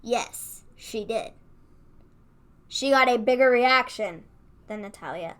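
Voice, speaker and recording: A woman's voice: fairly high pitch, slow, fairly bright tone. A woman co-hosting a casual live-stream recap, giving blunt and dismissive opinions. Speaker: co-host.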